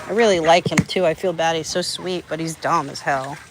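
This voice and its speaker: Chatty woman vlogging outdoors on a farm. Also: a little fast. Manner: chatty, coos at the animals in a high baby voice. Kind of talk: casual vlog narration and talking to animals. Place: outdoors on a farm with birds and horses. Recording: outdoor farm noise behind.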